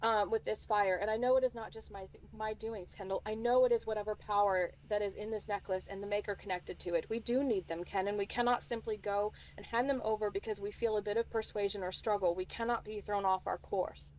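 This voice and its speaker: A woman's voice: medium pitch, fairly even intonation, fairly quick, few pauses, darkish tone, close to an everyday voice, rough recording. A woman voicing an earnest young fantasy heroine, reading a formal, pleading speech from a book aloud.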